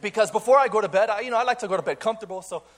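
A young adult man, a pastor, telling a playful story in a sermon to a church congregation, energetic and full of quick restarts. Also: high-pitched. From Cuban. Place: church auditorium before a congregation.

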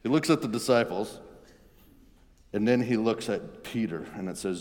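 A man's voice: on the low side, lively intonation, moderate pace, long pauses, darkish tone. A pastor giving a sermon in an earnest, conversational way, often restarting his phrases. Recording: long reverb in a large hall.

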